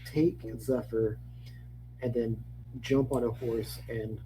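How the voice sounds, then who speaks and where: A man at a tabletop game table with a dark, mellow tone. He speaks bluntly and firmly. A faint hum sits behind his voice. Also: medium pitch, fairly even intonation, slow pace, low-quality recording. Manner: blunt and assertive. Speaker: player. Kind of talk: casual tabletop play.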